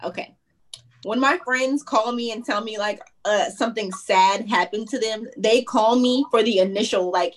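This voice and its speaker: A woman's voice: a little high, moderate pace. A young woman guest on a podcast, talking in a frank, giggly, somewhat scattered way. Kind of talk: casual chat.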